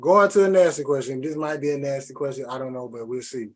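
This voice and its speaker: A man's voice: medium pitch, fairly even intonation, fast. A man hosting a podcast in casual chat, asking the guest questions in a laid-back, hesitant way. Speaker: podcast host.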